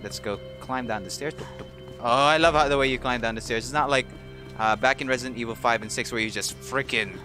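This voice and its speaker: A man giving casual, excitable, jokey commentary while playing a video game. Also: lowish voice. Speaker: let's play gamer.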